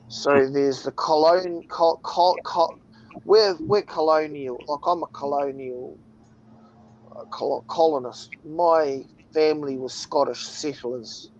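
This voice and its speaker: A man from New Zealand with a New Zealand accent, chatting casually as host, swearing freely and drawling with sudden excited bursts. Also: on the high side. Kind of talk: casual chat. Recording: dull lo-fi sound.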